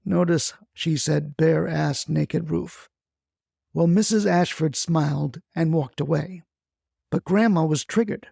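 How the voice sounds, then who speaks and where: A man's voice: on the high side, slow pace, gravelly, warm tone, no echo, studio quality. A man narrating a comic story with wry, folksy asides.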